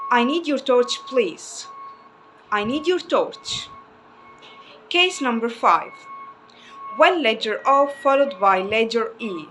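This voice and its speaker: A woman English teacher giving a phonics lesson, slowly repeating each word twice and stretching the vowels. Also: a little high, animated, a bit bright, a little hiss or hum.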